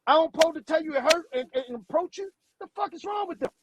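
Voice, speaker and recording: A man's voice: very high-pitched, quick pace, muffled recording, very noisy. A man hosting a live stream, delivering a blunt, profane rant and stumbling over repeated words when riled. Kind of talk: heated livestream rant.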